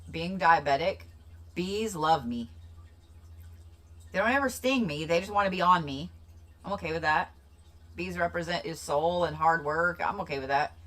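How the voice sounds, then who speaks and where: A woman chats on her livestream in a rambling, casual way. She loops back over the same lines and breaks into excitable bursts. Her voice is bright and fairly low-pitched. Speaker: livestream host.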